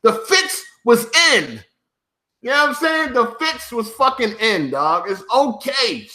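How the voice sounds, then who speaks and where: A man's voice: extremely high pitch, big pitch swings, takes it slowly, sharp tone, reverberant. A man ranting to his viewers as a gaming YouTuber, profane and mocking, often breaking into laughter.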